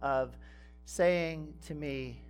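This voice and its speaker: Man, pastor, sermon, slow measured delivery, emphatic rising phrases, soft guitar faintly behind. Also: fairly high pitch, clean tone.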